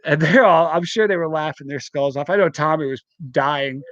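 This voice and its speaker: A man hosting a live stream, telling a story in a lively, laughing, casual way. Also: on the high side, no room sound, highs cut off. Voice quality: animated, quick to laugh. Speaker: host.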